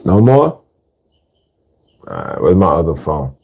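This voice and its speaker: A man's voice: deep voice, very animated, slow, lo-fi sound, noisy background. A man hosting a podcast, talking casually in street slang and repeating words for emphasis. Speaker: podcast host. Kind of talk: casual monologue.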